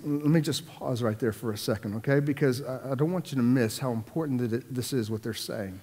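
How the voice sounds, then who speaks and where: A man preaching a sermon, repeating words for emphasis and swinging between loud, raised lines and hushed ones. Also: mid-range voice, brisk, few pauses, big-room sound. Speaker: pastor.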